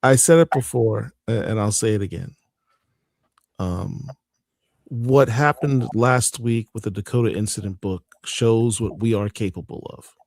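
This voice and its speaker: A man's voice: fairly low pitch, a little slow, gravelly, a little mellow, no room sound, clean studio sound. A male podcast co-host in casual chat, speaking earnestly and building with feeling.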